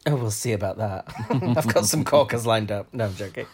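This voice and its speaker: A podcast co-host in casual chat, playful and teasing, full of quick jokes and frequent laughter. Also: medium pitch, a little mellow, husky. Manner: laughs often.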